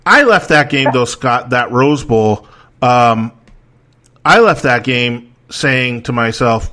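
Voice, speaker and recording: A man's voice: mid-range voice, lively intonation, slow, sharp tone. A man hosting a casual chat, telling stories in a rambling, profane way with many restarts and fillers. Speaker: podcast host.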